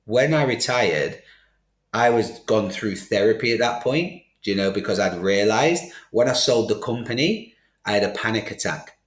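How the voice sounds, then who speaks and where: A middle-aged podcast guest tells his life story candidly, animatedly acting out the conversations he remembers. He speaks at normal speed in a fairly low voice, with roomy studio echo around him.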